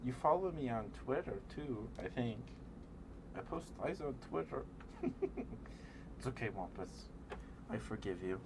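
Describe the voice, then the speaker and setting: A man streaming ASMR from home, chatting softly and giggling as he greets viewers by name, close to the mic. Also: medium pitch, animated, measured pace, creaky, pauses often, noisy background. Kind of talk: soft-spoken ASMR live stream chat.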